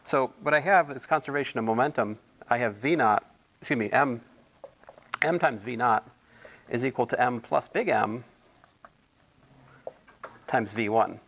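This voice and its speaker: A man's voice: mid-range voice, a little slow, long pauses, fairly bright tone, slight background noise. A man tutoring physics homework in a casual, thinking-aloud way, correcting himself and adding chatty asides.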